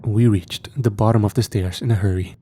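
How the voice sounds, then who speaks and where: A man narrating a first-person horror story in a measured, steady way. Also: lowish voice, slight background noise.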